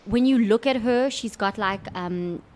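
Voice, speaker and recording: A woman from South Africa chats casually as a tabletop game player, giggling, rambling and correcting herself as she goes. Her voice sits at a middle pitch. A faint hiss runs under the recording. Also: unhurried, a little mellow. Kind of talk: casual chat introducing a character.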